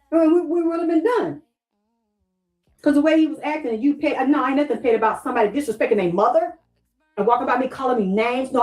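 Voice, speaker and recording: A woman's voice: fairly high pitch, a little mellow, rough recording. A middle-aged woman with a Southern US accent, talking on a livestream and pressing her viewers with the same questions over and over, stopping to thank them and read their comments aloud. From Southern United States. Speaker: livestream host. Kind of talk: emotional livestream talk to viewers.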